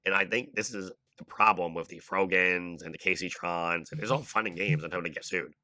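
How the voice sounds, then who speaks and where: A man speaking in a measured, pointed way in a podcast clip. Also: deep voice, bright, forceful tone, no room sound. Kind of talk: podcast talk.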